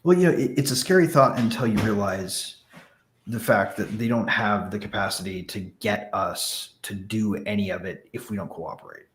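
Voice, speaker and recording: A man with a low voice talks bluntly and forcefully, swearing for emphasis. His voice carries a roomy echo, recorded in an echoey room. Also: moderate pace, slight background noise. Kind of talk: casual panel chat.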